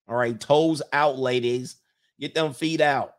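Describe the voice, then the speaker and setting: A man's voice: mid-range voice, fairly even intonation, unhurried. Jokey man reading out chat messages. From Southern California. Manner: loose, jokey, talks back to chat messages. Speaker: livestream host reading chat. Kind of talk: casual chat.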